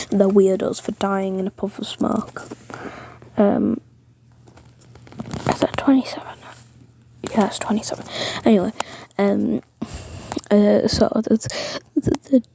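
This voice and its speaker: Slow whispering woman with a gravelly edge. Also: mid-range voice, mellow. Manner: rambling, many fillers and self-corrections; mostly whispered. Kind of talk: whispered fan-fiction storytelling.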